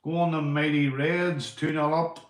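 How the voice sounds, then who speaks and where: A Northern Irish man live-streaming from home, chatting casually, swearing and giving shout-outs to his viewers. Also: a little high, little pitch movement, moderate pace, reverberant. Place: indoors at home.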